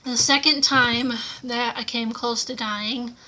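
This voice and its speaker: A woman's voice: a little high, fairly even intonation, takes it slowly, pushed and bright. A young woman from the United States telling a personal story to camera at home, casual, with lots of fillers and acted-out quotes. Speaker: vlogger.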